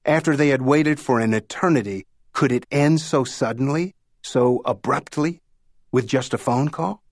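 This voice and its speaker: A man narrating a novel in a measured storytelling delivery. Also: medium pitch, no echo, clean studio sound. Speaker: audiobook narrator. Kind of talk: scripted narration.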